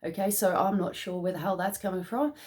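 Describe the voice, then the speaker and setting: Excitable woman giving a card reading. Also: lowish voice, a little fast. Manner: excitable, laughs often, checks in with "okay?". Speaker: tarot reader. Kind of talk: casual spiritual card reading.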